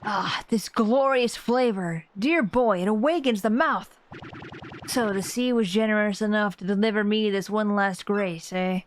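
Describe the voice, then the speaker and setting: A woman reading the lines of an old male bomb-creature sea captain aloud from a game, speaking slowly with formal, old-fashioned phrasing. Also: mid-range voice, soft background music, lightly acted, rough recording. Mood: solemn.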